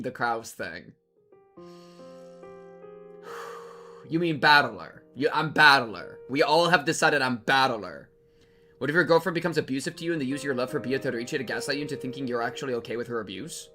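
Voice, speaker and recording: A young man streaming a game, chatting to his viewers in a rambling, jokey, excitable way and sometimes reading the game text aloud. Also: mid-range voice, normal speed, pauses often, soft background music. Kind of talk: casual game-reaction commentary.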